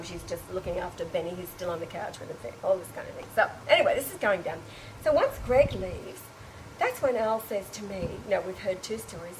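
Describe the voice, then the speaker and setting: A woman telling an emotional personal anecdote to a small group, animated and exclamatory, with frequent restarts and laughing or tearful breaks. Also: mid-range voice, a little hiss or hum, low-quality recording. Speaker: storyteller recounting an experience to a small group.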